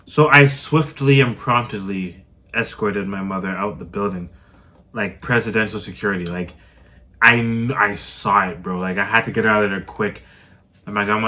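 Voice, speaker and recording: A man's voice: medium pitch, lively intonation, normal speed, pushed and bright. A man co-hosting a podcast, telling a story in a casual, slangy way and acting out the quotes with animation. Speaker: podcast co-host.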